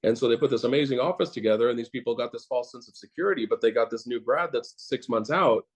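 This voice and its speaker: A man's voice: mid-range voice, fast. A man, a dentist, talking bluntly and casually in an interview, rambling with many fillers and swearing.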